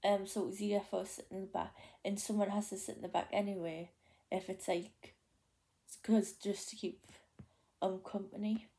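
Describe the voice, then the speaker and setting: A woman's voice: medium pitch, level tone, moderate pace, dark tone. A young woman with a Geordie accent telling a story to the camera in casual vlog chat, rambling with lots of fillers and restarts. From North East England. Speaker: vlogger.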